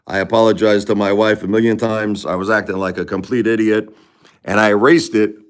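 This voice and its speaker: Forties male streamer with a Brooklyn accent; loose, chatty, rambling delivery, slightly low voice. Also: steady tone, a little fast, smooth. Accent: New York (Brooklyn). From New York. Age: 40s. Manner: rambling and chatty, full of "you know" and restarts. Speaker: live streamer. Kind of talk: casual live-stream chat.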